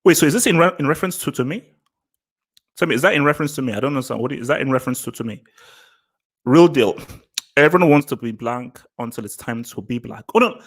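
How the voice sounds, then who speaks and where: A man's voice: mid-range voice, lively intonation, quick pace. A man hosting his own vlog, giving casual opinion commentary in an emphatic way, repeating phrases and restarting sentences. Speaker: vlog host.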